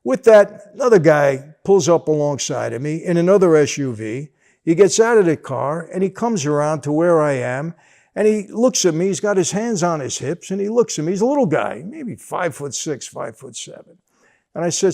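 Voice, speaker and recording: An older man telling a personal story in a casual, animated way, acting out the dialogue. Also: a little high, fairly quick, vocal fry. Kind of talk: casual anecdote.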